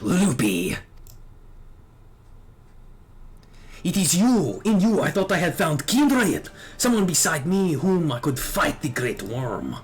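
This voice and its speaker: A man's voice: on the high side, big pitch swings, measured pace, slightly rough, voice pushed up, exaggerated voice. A man voicing a proud, wrathful young dragoon in a put-on French accent, declaiming accusations while reading game dialogue aloud. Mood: bitter.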